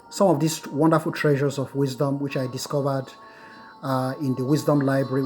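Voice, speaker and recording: In a mid-range voice, a middle-aged lecturer speaks on Buddhist wisdom in a recorded talk. He says the important phrases again, slowly, giving students time to take notes.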